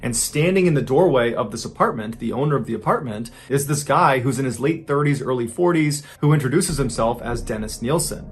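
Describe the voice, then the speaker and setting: A man telling a true-crime story in a steady, suspenseful scripted narration. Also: mid-range voice, a little fast, few pauses, husky.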